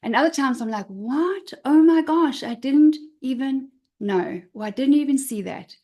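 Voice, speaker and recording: A middle-aged woman coach giving a motivational talk, expressive and emphatic, repeating her key words. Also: sits high, moderate pace. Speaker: confidence coach.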